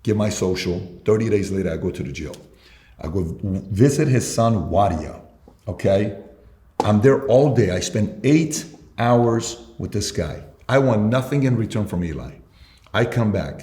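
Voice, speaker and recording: Interviewed as a guest entrepreneur, a man with a mellow voice on the low side tells stories and plays both parts of the dialogues he recounts. The room lends a noticeable echo.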